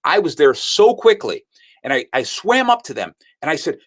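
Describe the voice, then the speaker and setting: This sales speaker's voice is a little high and husky, and he talks fast. He's an animated storyteller, performing the quotes of the people in his tale.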